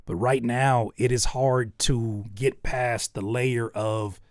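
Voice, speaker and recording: A man's voice: mid-range voice, steady tone, takes it slowly, no room sound, studio quality. A man giving spoken feedback on songs as host, coaching analytically and thinking aloud as he searches for words. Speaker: music reviewer.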